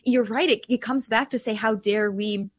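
A woman's voice: on the high side, normal speed. A woman co-hosting a conversation, responding in a reflective, affirming way.

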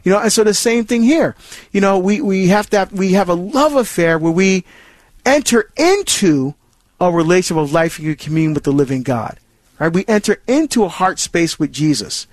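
A man's voice: high voice, expressive, moderate pace, dry recording. A man hosting a Catholic call-in radio show, talking earnestly about faith with many restarts and repetitions. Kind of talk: call-in radio talk on scripture.

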